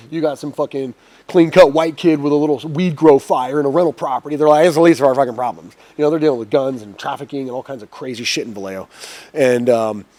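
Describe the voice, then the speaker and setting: A man in his forties telling a long, profane story as a podcast guest, energetic and swearing freely. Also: mid-range voice, no room sound. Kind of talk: casual storytelling.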